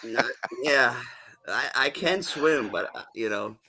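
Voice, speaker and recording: On a live stream panel, a man from New England with a Southern-tinged accent chats casually, rambling, swearing and laughing easily. His voice is mid-range, bright and forceful, animated but slow-paced.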